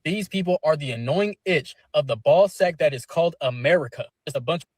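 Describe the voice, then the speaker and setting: Scornful male commentator, quick delivery, slightly high voice, dry close sound. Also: lively intonation, no echo. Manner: scornful, crude insults. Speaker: commentator in a played clip.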